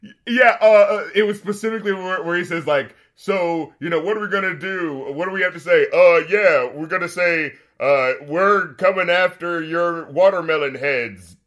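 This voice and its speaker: A man talks through a film in easy casual chat, his voice bright and forceful. He gets animated, laughs often, and jumps into little impressions of the characters' lines. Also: sits high, moderate pace. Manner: animated, laughing often, acts out quotes from scenes.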